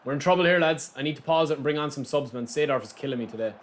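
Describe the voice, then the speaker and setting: A man's voice: fairly high pitch, very fast. A young Irish man commenting live on his football video game and chatting with viewers. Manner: animated, chatty, reacting to play and viewers. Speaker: game streamer.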